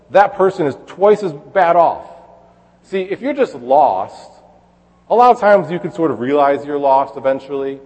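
Husky-voiced man preaching in a reverberant hall. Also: a little high, darkish tone. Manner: conversational, with fillers and restarts, reads scripture aloud. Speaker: pastor. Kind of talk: sermon.

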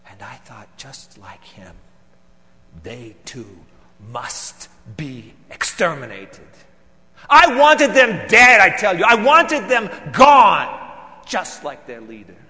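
A man performing a theatrical monologue as a bitter, vengeful temple council elder, moving between loud outbursts and hushed, seething lines. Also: lowish voice, slow pace, long reverb tail. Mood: indignant, vengeful.

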